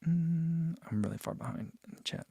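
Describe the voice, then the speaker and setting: A man's voice: on the high side, lively intonation, normal speed, vocal fry, dark tone, husky, no room sound, studio quality. A man in his forties hosting a casual live stream, reading viewer comments aloud and chatting with frequent laughs. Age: 40s. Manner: chatty, laughs often, reads chat aloud. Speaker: running channel host.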